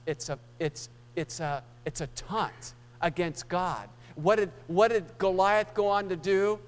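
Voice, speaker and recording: A man preaching a sermon and telling a story, swelling louder on key points and dropping soft and low for tense moments. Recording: hall reverb with mains hum.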